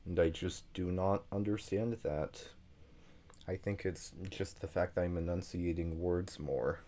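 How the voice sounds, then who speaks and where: Streaming as he builds a game level, a man with a slight Southern US twang rambles in casual, chatty talk, apologizing when he goes off track. His low, warm voice keeps a measured pace and fairly even intonation, with a little hiss or hum in the audio.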